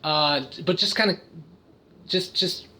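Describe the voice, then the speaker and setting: A man's voice: sits high, slow pace, pushed and bright. A man talking casually to camera about his own habits, rambling and interrupting himself, often breaking into sudden singing, noises and cartoon voices. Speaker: vlogger, autistic father.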